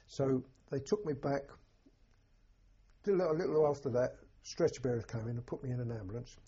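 An older English man, a war veteran, telling an oral history in a halting, plain-spoken way with a husky voice. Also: mid-range voice, mellow, lo-fi sound. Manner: halting, plain-spoken storytelling with many restarts. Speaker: war veteran recounting memories.

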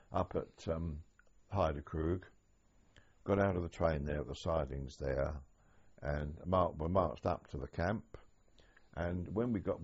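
An older man recalling wartime memories in an oral history interview, speaking haltingly with many restarts. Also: low voice, gravelly, darkish tone, husky. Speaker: interviewee, former prisoner of war. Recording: dull lo-fi archive tape.

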